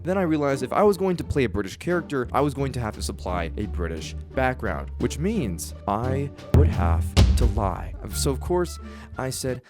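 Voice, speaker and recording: A man in his twenties telling a personal story in an animated, self-mocking way. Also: medium pitch, fairly quick, soft background music. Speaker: vlogger.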